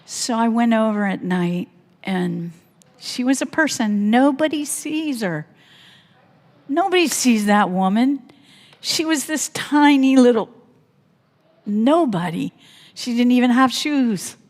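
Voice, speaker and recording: A woman pastor telling a personal story in a sermon, animated and laughing often as she speaks. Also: a little high, slow, long pauses. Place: church sanctuary. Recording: long church hall reverb.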